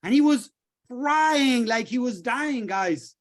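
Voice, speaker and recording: A middle-aged man coaching a group in a lively way, acting out little dialogues as he explains. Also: very high-pitched, slow. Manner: animated, acts out little dialogues. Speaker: healing coach.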